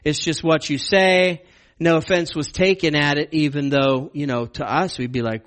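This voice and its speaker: A man giving a conversational Bible teaching, earnest and emphatic, slowing down on key words for stress. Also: on the high side, fairly even intonation, a bit bright.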